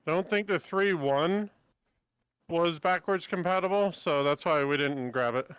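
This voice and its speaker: Man, streamer, casual chat, hesitant fillers, clear voice, dry close recording. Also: a little high, a bit bright, no echo. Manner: unhurried, hesitant with many fillers.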